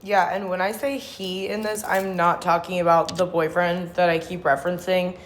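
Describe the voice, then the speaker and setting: A woman with a somewhat low voice tells her story in a blunt, foul-mouthed, slangy way. She rambles, restarts her sentences and leans on "like". A faint hum of background noise sits under her voice. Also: flat delivery, normal speed. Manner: blunt, heavy swearing, slangy. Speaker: vlogger sharing her sobriety testimony. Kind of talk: candid personal storytelling.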